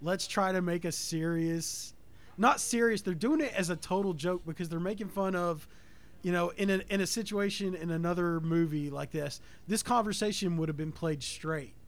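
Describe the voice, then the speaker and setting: A man talking casually about a film with friends, animated and quick to laugh. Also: high voice.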